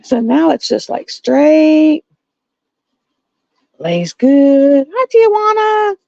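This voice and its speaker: Animated, gravelly woman. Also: high-pitched, drawn-out words, no echo. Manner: animated storytelling with laughs. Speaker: livestream host. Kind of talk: casual chat. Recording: dull lo-fi dry sound.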